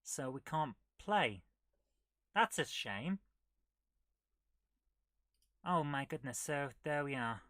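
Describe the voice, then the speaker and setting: A woman's voice: sits low, lively intonation, slow, long pauses, fairly bright tone, dry recording. A woman hosting a casual retro gaming live stream, chatting and muttering to herself as she clicks through menus. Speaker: retro gaming show host.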